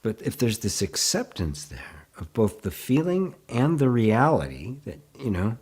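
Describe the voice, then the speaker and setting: A man leading a live online satsang, speaking gently and unhurriedly, laughing often and answering viewer comments as he goes. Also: on the low side, big pitch swings, a little slow, breathy edge. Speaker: spiritual teacher.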